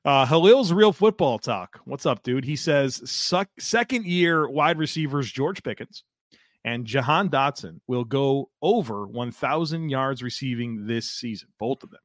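A man co-hosting a football podcast, with a mid-pitched voice. He reads listener takes and ribs his partner in loose, repetitive banter. The sound is dry and close. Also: lively intonation, unhurried, no echo. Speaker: podcast co-host, football analyst. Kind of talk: casual sports chat, reading listener takes.

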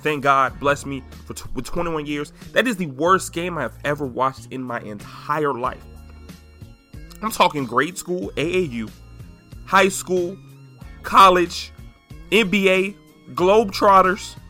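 A man's voice: a little high, a little slow, faint music behind. A man in his twenties hosting a solo sports podcast, talking emphatically and hammering his points home with repetition. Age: 20s. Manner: emphatic, animated, repeating points for effect. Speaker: podcast host.

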